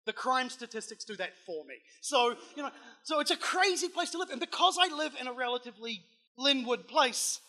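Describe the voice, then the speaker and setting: A young man with a New Zealand accent doing a loud, punchy stand-up set with plenty of swearing, on a comedy club stage with a handheld mic. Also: extremely high pitch, animated, brisk.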